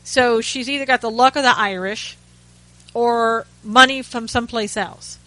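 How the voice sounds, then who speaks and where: A woman's voice: on the high side, steady tone, measured pace, bright, forceful tone, dry recording, low-quality recording. A woman hosting a talk radio show, giving chatty, sarcastic commentary with frequent asides and restarts. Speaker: radio host.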